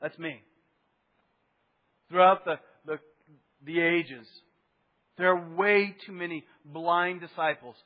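High-voiced preaching man, slightly muffled. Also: steady tone, slow, pauses often, big-room sound. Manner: conversational preaching with rhetorical asides. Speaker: pastor. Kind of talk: sermon.

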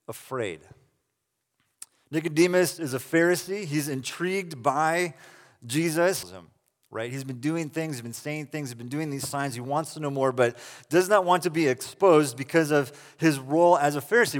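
A man preaching a sermon, retelling scripture in a casual, animated way with quick asides. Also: fairly high pitch, long reverb tail. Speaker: pastor.

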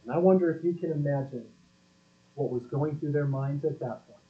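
A man's voice: fairly high pitch, fairly quick. A man preaching a sermon as pastor, speaking emphatically and asking his listeners rhetorical questions. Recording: dull lo-fi recording.

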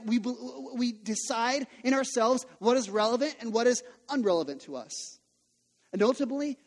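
A man in his thirties preaching a sermon as a pastor, telling stories and asking rhetorical questions in a conversational way. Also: extremely high pitch. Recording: long hall reverb.

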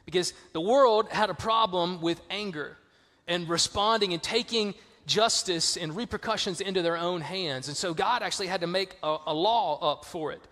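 Southern pastor, high bright voice, casual storyteller, long hall reverb. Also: male voice, moderate pace. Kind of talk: sermon.

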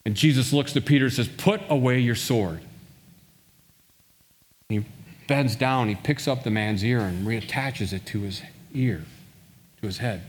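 A man's voice: on the low side, normal speed. A man preaching a sermon, telling a story and acting out the quoted lines. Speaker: pastor. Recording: long hall reverb.

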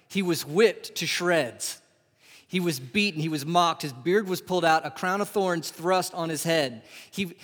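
Impassioned preacher in a reverberant hall. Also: male voice, sits high. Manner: swings from loud, rising emphasis to hushed, drawn-out whispers. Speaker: pastor. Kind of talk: sermon. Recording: live sermon with long hall reverb.

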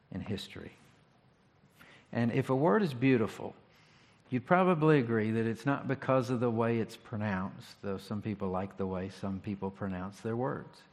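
A pastor giving a sermon, talking in a conversational, reflective way with rhetorical questions. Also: male voice, medium pitch. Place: church sanctuary. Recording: long hall reverb.

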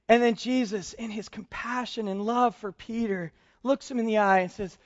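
A man's voice: high-pitched, steady tone, measured pace. A male pastor preaching a sermon in a conversational way, chuckling often as he explains scripture. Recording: dull lo-fi sound.

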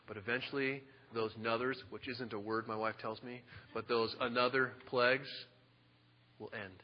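A male pastor preaching a sermon, animated and joking, dropping from loud emphasis to a hushed voice. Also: mid-range voice, normal speed, a little hiss or hum. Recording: dull lo-fi sound with long reverb.

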